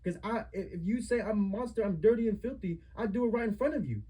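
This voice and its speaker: A young man argues with his mother in a heated confrontation, asking the same accusing questions again and again. His voice sits high for a man but sounds dark and husky. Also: lively intonation, fast, low-quality recording. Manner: accusing, repetitive rhetorical questions. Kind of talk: heated family argument.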